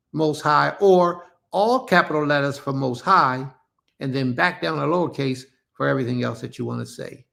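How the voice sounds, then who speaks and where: This preacher's voice is on the high side, gravelly, and a bit bright as he runs a religious service online via live stream. Speaking casually, he repeats himself for emphasis and treats his listeners as family.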